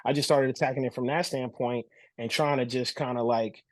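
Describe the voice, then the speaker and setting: A man's voice: medium pitch, fairly quick, no echo. Jersey guy on a podcast, tells stories, acts stuff out, restarts a lot, dead dry room. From New Jersey. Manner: animated storyteller, acts out voices, frequent restarts. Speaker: podcast guest, former pro basketball showman. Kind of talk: casual interview talk.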